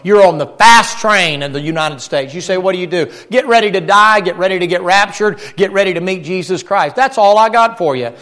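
A man preaching a folksy, animated sermon and joking with his congregation. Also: sits high, fairly quick, few pauses.

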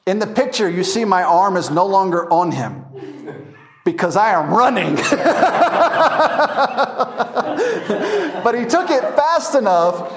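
A man's voice: high voice, moderate pace, a crowd in the background. A man teaching a verse-by-verse Bible class, telling funny stories with frequent laughter. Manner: laughing storyteller, animated anecdotes.

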